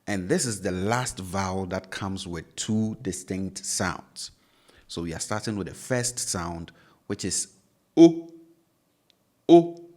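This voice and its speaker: Slow-talking Ghanaian man teaching. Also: sits low. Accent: Ghanaian English. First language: Twi. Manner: slow, patient, models each sound by repeating it. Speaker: language teacher. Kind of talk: online lesson.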